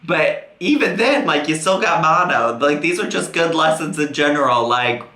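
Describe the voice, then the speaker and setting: A man's voice: a little high, animated, moderate pace, bright, forceful tone, echoey room. A man giving sarcastic, teasing reaction commentary as a YouTuber.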